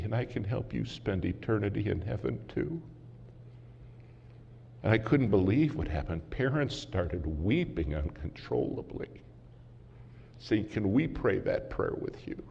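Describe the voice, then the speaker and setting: A man preaching a sermon as a story, dramatic and swinging from loud to hushed, recorded in a large conference hall. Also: lowish voice, vocal fry. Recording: muffled hall recording with faint hiss.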